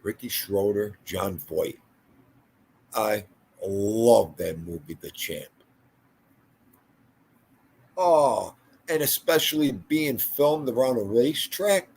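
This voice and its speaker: Man, older, husky, casual livestream host, rambling storyteller. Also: lowish voice, slow pace, pauses often, darkish tone. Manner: rambling storytelling, talking to chat by name. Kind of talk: casual livestream chat reading viewer comments.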